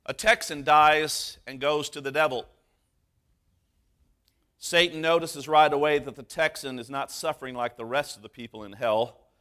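A man preaching a sermon as pastor, earnest, slowing down for emphasis. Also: on the high side, steady tone, pushed and bright.

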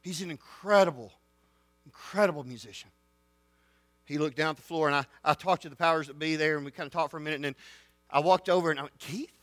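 A man preaching to students, rising to shouted excitement. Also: on the high side, fast talker, no echo, faint music behind. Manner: folksy, builds to shouted excitement. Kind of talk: sermon storytelling.

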